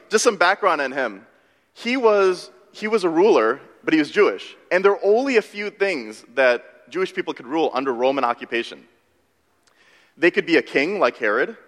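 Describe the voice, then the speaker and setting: Animated male pastor in a reverberant hall. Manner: animated, self-deprecating storytelling with quick shifts in pitch. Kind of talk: sermon.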